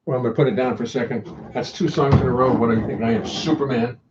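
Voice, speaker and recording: Speaking quickly in a steady, medium-pitched voice, an older man rambles casually on his home livestream and reads out viewer comments with a wry edge. The audio comes from a computer input and is dull, lo-fi and very noisy.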